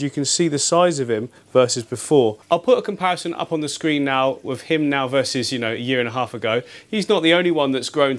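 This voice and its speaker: A man hosting a fishkeeping vlog from his home tank studio, chatting eagerly to camera with frequent laughs, his voice deeper from the early morning. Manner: chatty and enthusiastic, laughs often. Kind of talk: casual chat to camera.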